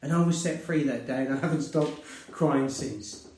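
A man preaching a sermon and sharing a personal testimony, earnest and conversational, rising to loud emphasis and dropping to hushed tones. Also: medium pitch, moderate pace, slight background noise. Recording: roomy, distant mic.

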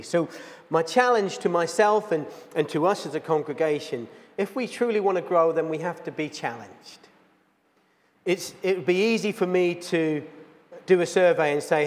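A man's voice: fairly high pitch, normal speed, big-room sound. A man, a pastor giving an earnest sermon, telling a plain-spoken story to his congregation. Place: church.

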